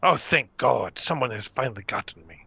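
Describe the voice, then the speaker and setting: A man voicing a talking magic orb, a professor trapped inside, with a hushed, fussy, scholarly manner in a tabletop game. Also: mid-range voice, animated, normal speed, gravelly, slightly rough, dry recording, heavily acted. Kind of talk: tabletop role-play voice.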